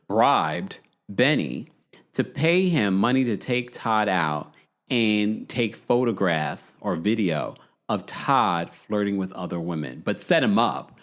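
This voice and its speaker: A man hosting a podcast, casually recapping a reality show in an animated, gossipy way and laughing often. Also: lowish voice. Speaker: podcast host.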